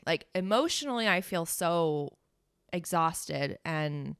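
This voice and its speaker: A woman with a lowish, smooth and resonant voice co-hosts a comedy podcast. She tells absurd stories with a straight, mock-tragic deadpan. The sound is dry and close to the mic. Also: moderate pace, no room sound. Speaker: podcast co-host. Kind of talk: comedic casual chat.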